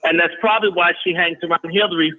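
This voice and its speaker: Brief: male guest, fairly high voice, insistent and repetitive, heard over a thin phone line. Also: steady tone, fast, a little hiss or hum. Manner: emphatic, repeats phrases forcefully. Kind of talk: heated call-in talk. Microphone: phone call.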